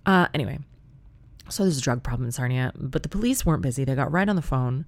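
A woman's voice: rumbling low, animated, fast talker, no room sound. A woman telling a comic story in a chatty, wry, profane way.

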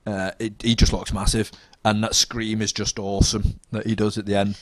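A young man talks films in a loose, animated way, swearing and restarting his sentences. His voice sits a touch low, and the recording is dry and close. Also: normal speed, no room sound. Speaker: podcast co-host. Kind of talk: casual film chat.

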